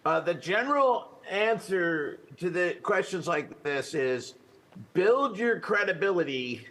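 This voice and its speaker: A man's voice: fairly high pitch, fairly bright tone. An older man answering conference questions in an authoritative way, letting his voice drop at the end of sentences. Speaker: conference speaker. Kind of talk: Q&A answers at a talk.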